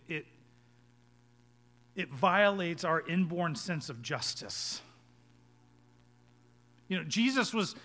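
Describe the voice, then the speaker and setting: A man preaching a sermon as pastor, swinging between hushed, low passages and loud, urgent ones.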